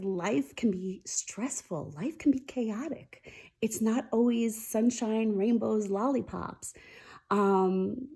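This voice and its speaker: A woman's voice: medium pitch, dark tone. A woman hosting a weekly mindfulness talk, speaking candidly and confidingly in a casual heartfelt chat to camera. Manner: candid, confiding, speaking openly about feelings.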